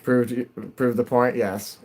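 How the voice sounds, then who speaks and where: A man's voice: medium pitch, flat delivery, slow, a little mellow, a little hiss or hum. Rambling, chatty man streaming a game. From New England. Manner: rambling, chatty, laughs often. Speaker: live streamer. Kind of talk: casual chat with viewers while gaming.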